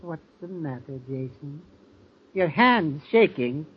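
Menacing scheming uncle, cold and clipped, dull old radio sound. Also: male voice, fairly high pitch, expressive, slow pace, slight background noise. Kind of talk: 1940s radio acting.

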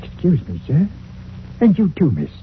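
An actor playing a chatty, deferential village greengrocer in a 1940s radio play, on an old recording. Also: male voice, fairly high pitch, wildly swooping pitch, normal speed, phone-quality sound, a little hiss or hum. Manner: folksy, deferential, with dropped grammar. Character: chatty village greengrocer and church bell-ringer, deferential man.

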